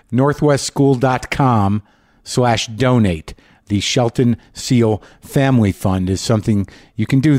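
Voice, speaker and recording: A man from New Mexico hosting a show, talking in a candid, rambling way with halting restarts and a grieving, reflective tone. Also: medium pitch, a little mellow, no room sound, studio quality. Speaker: podcast host. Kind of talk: casual monologue.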